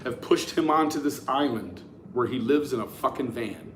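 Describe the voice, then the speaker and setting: A profane, animated man telling a story. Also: medium pitch, normal speed, a little hiss or hum. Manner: profane, animated, frequent restarts. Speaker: YouTube commentator. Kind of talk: casual storytelling to camera.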